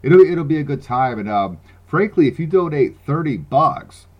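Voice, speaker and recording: A man's voice: fairly high pitch, lively intonation, normal speed, muffled recording. A man with a Southern US accent co-hosting a casual podcast, blunt and swearing freely, often restarting his words. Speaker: podcast co-host.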